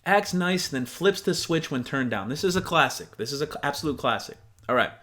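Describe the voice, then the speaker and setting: A man's voice: on the high side, expressive, a little fast, pushed and bright. Blunt, profane young man reacting. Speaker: commentator reacting to posts. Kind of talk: casual reaction commentary.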